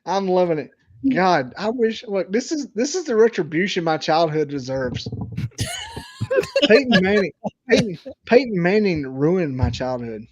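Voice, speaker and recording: A man from Alabama with a Southern accent, drunk and ranting loudly on a podcast, full of swearing. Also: high-pitched, sing-song, moderate pace. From Alabama, USA. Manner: profane, boisterous ranting. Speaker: guest. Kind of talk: rowdy casual podcast chat.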